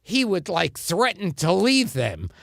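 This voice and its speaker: A man's voice: sits high, wildly swooping pitch, a little slow, gravelly, a bit bright, no echo, clean studio sound. A man telling comic show-business anecdotes in casual chat, stammering and restarting as he acts out quotes. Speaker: comedian guest.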